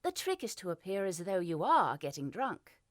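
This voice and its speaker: A woman voicing a calm, knowing female thief in an audiobook, measured in her speech. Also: fairly low pitch, dry recording, clean studio sound.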